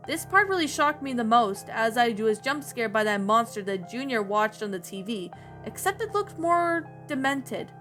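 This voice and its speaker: A woman reading a creepy story aloud in a plain, slightly halting way. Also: fairly high pitch, sing-song, fairly bright tone, faint music behind.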